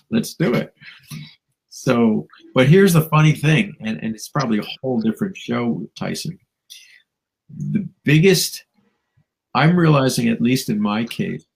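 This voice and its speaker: A man's voice: on the low side, gravelly, husky, low-quality recording. A man, a spiritual teacher and guest, musing reflectively in a talk show conversation, with chuckles and playful asides.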